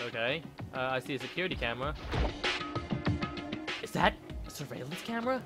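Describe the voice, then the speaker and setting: A man's voice: mid-range voice, big pitch swings, a little fast, pauses often. A man giving casual gameplay commentary, thinking aloud and chuckling as he plays. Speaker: let's player. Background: game music.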